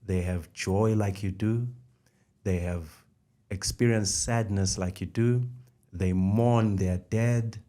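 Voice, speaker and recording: A fairly low, steady, mellow voice belongs to this middle-aged man, who takes his time speaking. As co-host of a faith podcast, he lays out ideas step by step and repeats the important phrases in a conversational way.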